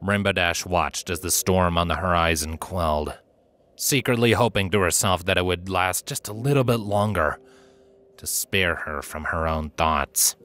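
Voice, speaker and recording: A man reading a fanfiction story aloud with steady, dramatic narration. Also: deep voice, moderate pace. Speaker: narrator and reader.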